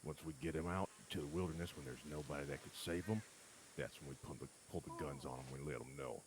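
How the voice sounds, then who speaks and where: A man plays a scheming outlaw, bossy and low-key, leading his gang in a whisper-like hush. His voice sits extremely low. Loud insect buzzing from the game fills the background. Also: fast, noisy background. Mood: threatening. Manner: conspiratorial, bossy gang leader. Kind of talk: role-play in an online western game.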